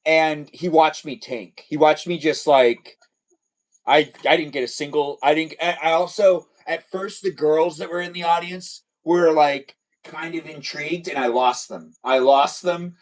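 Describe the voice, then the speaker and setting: A man's voice: a little high, normal speed, recorded from a distance, low-quality recording. Rambling young man hosting a livestream. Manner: rambling, hesitant, lots of fillers. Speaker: livestream host. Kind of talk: casual livestream chat.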